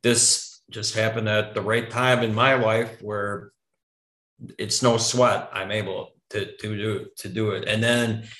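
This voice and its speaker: A man's voice: on the low side, little pitch movement, takes it slowly, fairly bright tone. A man guest telling a story in casual conversation, rambling with frequent restarts and some swearing. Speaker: podcast guest. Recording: echoey room.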